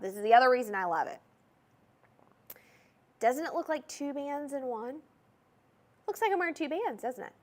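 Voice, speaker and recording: Woman, young, Southern US accent, TV shopping host, chatty, salesy, higher voice. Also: bright, forceful tone. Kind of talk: TV shopping presentation.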